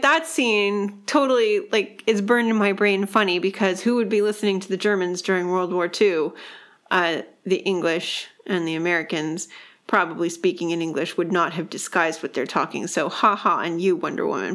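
A woman's voice: mid-range voice, fairly even intonation, moderate pace, fairly bright tone. A woman co-hosting a podcast, chatting casually and critically about a movie, peppering her talk with "like". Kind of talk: casual movie discussion chat.

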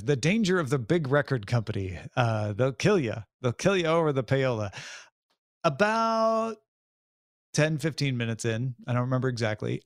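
Lively, chatty man reviewing TV. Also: medium pitch, dry recording, studio quality. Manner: rambling, many restarts, acts out scenes. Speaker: podcast co-host. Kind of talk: casual chat reviewing a TV episode.

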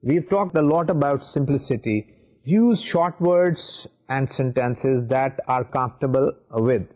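Mellow-voiced man giving a university lecture. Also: mid-range voice. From Pakistan. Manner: measured, explanatory, with frequent "uh" pauses. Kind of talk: recorded video lecture. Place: seated in a studio.

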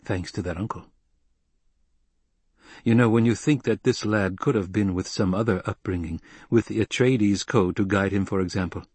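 Guy reading a low dry scheming count, slow, husky. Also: a little mellow, dry recording. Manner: dry, deliberate, hesitant. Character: shrewd calculating male count, dry and wry. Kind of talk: audiobook character voice.

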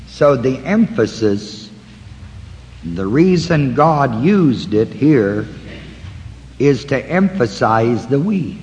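A man teaching a Bible study, slowly walking listeners through word references in a deliberate way. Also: medium pitch, very animated, darkish tone, in a large hall, a little hiss or hum, rough recording. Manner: slow, deliberate, pausing to point out references.

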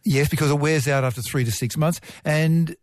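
A man's voice: a little high, normal speed, no room sound, studio quality. A man answering listeners' science questions on call-in radio, rambling and correcting himself as he explains. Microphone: studio microphone.

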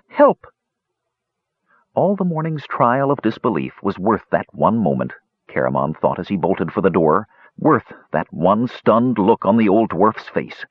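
A man narrating a fantasy audiobook in an expressive, dramatic reading. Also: on the low side, breathy edge, no echo. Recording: dull lo-fi recording.

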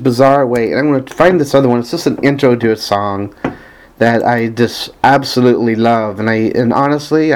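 A man's voice: medium pitch, darkish tone. A man casually talking about a band he loves, hesitant and earnest, with many ums and restarts as he searches for songs. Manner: earnest, enthusiastic fan. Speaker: vlogger discussing a band's music. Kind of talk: casual rambling talk, reading lyrics aloud.

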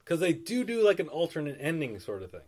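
A man's voice: fairly high pitch, sing-song, fast talker, a little mellow, breathy edge. A man co-hosting a casual podcast chat, mild and hedging, laughing off his partner's rants. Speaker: co-host.

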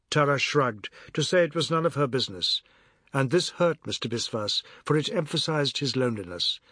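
Man, audiobook narration, animated intonation, dry close studio sound. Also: fairly high pitch, dry recording. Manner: measured storytelling.

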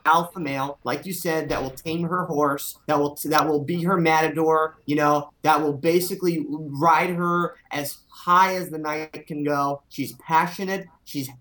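A man's voice: on the high side, fairly even intonation, unhurried, few pauses, a bit bright. Emphatic man in crude casual chat. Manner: emphatic, crude, drawls key words.

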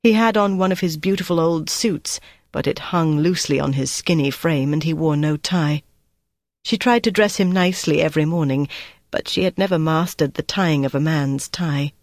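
Audiobook narrator, measured steady reading, mid pitch, dry close sound. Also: dry recording. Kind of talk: scripted narration.

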